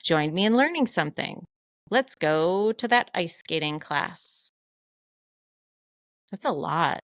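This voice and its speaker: A woman co-hosting a podcast, talking in a candid, animated, self-deprecating way in casual chat. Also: fairly low pitch, takes it slowly, dry recording. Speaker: podcast co-host.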